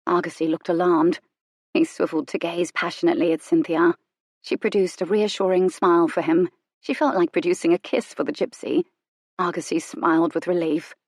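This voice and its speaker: A woman with a fairly low voice narrating an audiobook in a measured, even way. The recording is dry and close, with no room sound. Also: dry recording. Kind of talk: scripted narration.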